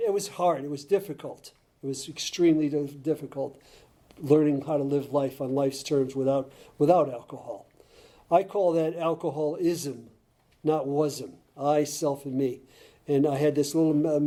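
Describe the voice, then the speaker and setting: An older man from Connecticut shares his story at a recovery meeting, his talk halting and full of restarts. His voice sits a little high yet sounds deeply mellow and dark. He chuckles often as he tells it. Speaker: AA speaker.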